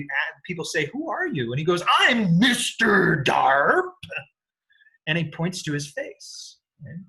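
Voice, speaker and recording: A man's voice: a little high, a bit bright. A man giving a recorded economics lecture, explaining step by step and often checking in with the listener. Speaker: economics teacher.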